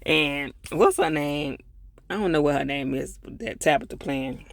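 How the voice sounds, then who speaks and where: A man with a gravelly, fry-edged voice recaps a TV episode in a loose, chatty way, talking straight to his viewers. He acts out the characters' lines as he retells each scene. The sound is dry and close. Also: fairly high pitch, expressive, measured pace, no room sound. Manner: chatty, loose, full of fillers and asides to viewers; gets heated and louder when annoyed. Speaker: TV episode reviewer. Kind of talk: casual episode recap and review.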